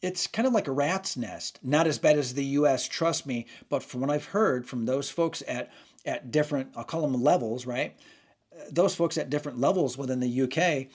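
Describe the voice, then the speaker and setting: A channel host delivers a casual opinion monologue in a medium-pitched voice at normal speed. He rambles, frequently restarting and correcting himself.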